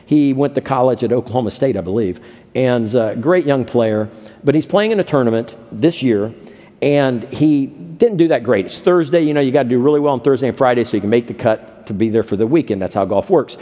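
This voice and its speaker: Preaching as pastor in a large-sounding space, this man has a mid-range, warm voice and a brisk pace. His sermon is full of stories, and he performs the quoted voices of their characters.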